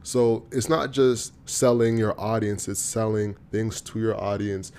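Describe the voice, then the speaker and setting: A man's voice: lowish voice, flat delivery, measured pace, darkish tone, clear, resonant tone. A man hosting a podcast, talking casually with slang while guiding the conversation. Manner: casual, uses slang, steers the talk. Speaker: podcast host. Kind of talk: casual chat.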